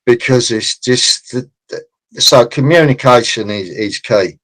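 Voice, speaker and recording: A man's voice: mid-range voice, a little slow, fairly bright tone, low-quality recording. A man as a podcast guest, talking casually and acting out conversations from building sites. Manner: chatty, acts out site conversations. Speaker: construction consultant guest.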